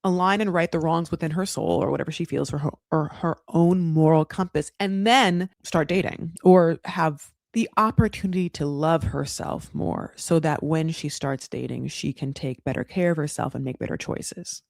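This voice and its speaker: A woman's voice: low voice, moderate pace, creaky, hardly any pauses, darkish tone, dry recording. A woman hosting a podcast, recapping a reality show in a casual, rambling, freely swearing commentary.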